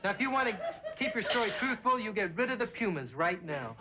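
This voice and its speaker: A man's voice: high voice, very animated, fast, background noise. A man playing the bossy, exasperated straight man in a comedy folk song routine, on a 1960s TV stage. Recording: 1960s TV soundstage with loud guitar and audience.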